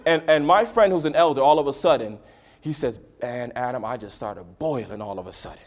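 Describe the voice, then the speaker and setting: A man preaching a sermon, swinging between quiet, intimate lines and loud, dramatic bursts as he acts out a story. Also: mid-range voice, fairly quick. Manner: dramatic swings from soft to loud, acting out voices.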